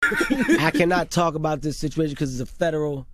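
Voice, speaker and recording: A man's voice: a little high, animated, fairly quick, fairly bright tone. A man, a talk show guest, speaking emphatically, laughing and cursing as he talks.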